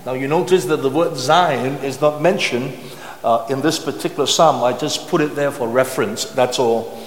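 A man preaching a sermon, reading Bible verses slowly and breaking off to explain them with asides and rhetorical questions. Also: medium pitch, slight background noise. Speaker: pastor. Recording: echoey hall.

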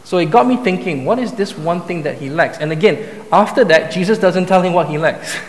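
A man's voice: high voice, animated, a little fast, a little hiss or hum. Man preaching in an echoey hall. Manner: conversational, with many restarts and asides. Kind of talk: sermon. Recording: echoey hall, faint room ambience.

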